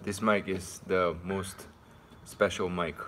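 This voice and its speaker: A man's voice: sits low, flat delivery, slow pace, slight background noise. A man co-hosting a casual live stream in a hotel lobby, joking in simple phrasing.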